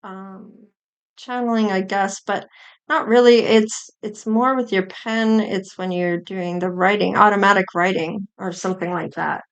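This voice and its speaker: A woman's voice: mid-range voice, fairly even intonation, a little slow, clean tone. A woman tarot reader musing aloud in an unscripted psychic reading, meandering with fillers and small giggles.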